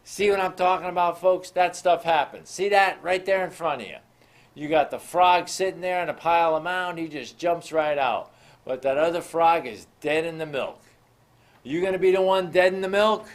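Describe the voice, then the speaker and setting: A man's voice: fairly high pitch, normal speed. A man hosting a show, telling motivational stories and asking the listeners rhetorical questions. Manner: preachy, addresses listeners as folks, asks rhetorical questions. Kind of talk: motivational storytelling talk.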